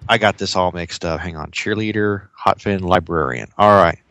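A man's voice: sits low, moderate pace, fairly bright tone. A man playing a tabletop game as an investigator, talking playfully and correcting himself often. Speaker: player.

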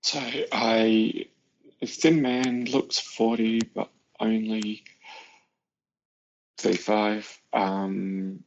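Very slow, gravelly player. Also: male voice, on the low side, little pitch movement, highs cut off. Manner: hesitant, halting delivery. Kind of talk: casual tabletop game chat.

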